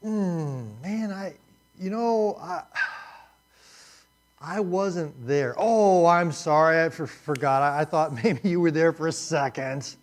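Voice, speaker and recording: A man's voice: a little high, slow pace, pitched above the performer's own voice. A man voicing a flustered, apologetic man who stammers when caught out. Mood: sheepish.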